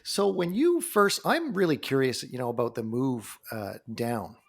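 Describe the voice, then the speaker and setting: A man with a gravelly, creaky voice hosts a casual podcast interview. He asks questions in a curious, friendly way. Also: medium pitch, expressive, measured pace. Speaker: podcast host.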